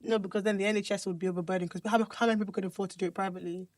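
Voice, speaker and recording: A woman's voice: medium pitch, fairly even intonation, very fast, a little mellow, no echo, clean studio sound. A woman with a Nigerian accent co-hosting a casual podcast chat, blunt and often repeating words as she starts a thought. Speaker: podcast co-host.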